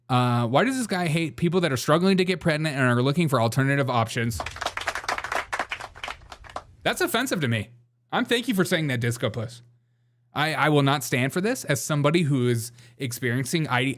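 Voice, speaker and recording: A man hosts a casual livestream of satirical commentary, talking in a sarcastic, mock-outraged way and laughing often. His voice is medium-pitched, and the background is noisy.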